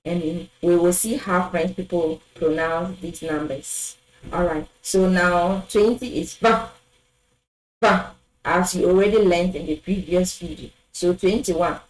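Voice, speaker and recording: A woman teaching a French numbers lesson, saying each word twice and pausing with fillers. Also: fairly low pitch, fairly even intonation, darkish tone, roomy sound, low-quality recording. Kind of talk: language lesson, drilling numbers.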